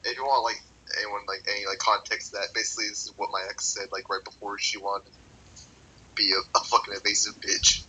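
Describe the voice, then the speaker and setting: A podcast co-host rambles through a story at speed, stuffing it with "like" and swearing freely. His voice sits a little low. It has a bright, hard edge. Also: flat delivery, brisk, slightly rough, rough recording. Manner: rambling and profane, heavy on "like". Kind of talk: casual chat.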